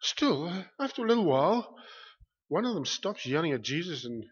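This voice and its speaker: A man preaching a sermon with passion, dropping to a hush and then rising loud, repeating his phrases for weight. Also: on the high side, very animated, normal speed, husky. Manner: impassioned, swings from hushed to loud, repeats phrases. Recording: muffled lo-fi recording.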